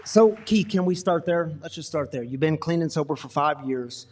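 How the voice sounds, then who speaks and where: A man's voice: on the high side, expressive, normal speed. A man hosting a live event, chatting casually and upbeat with the crowd and his guest. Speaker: host. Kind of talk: live church-style interview. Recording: long hall reverb.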